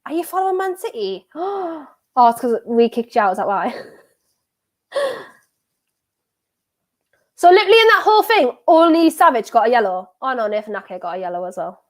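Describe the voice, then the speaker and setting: Excitable young woman reacting to football. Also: on the high side, quick pace, hardly any pauses. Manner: excitable, swings from laughing to dejected, talks to viewers. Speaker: streamer hosting a football watchalong. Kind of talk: live match reaction chat.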